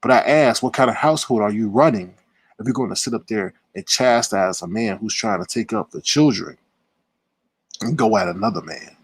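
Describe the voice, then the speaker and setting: A man in a heated livestream rant, confrontational and indignant, swinging between loud outbursts and low muttering, with a husky voice. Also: lively intonation, normal speed, no echo. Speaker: live-stream commentator. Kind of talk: heated live-stream rant.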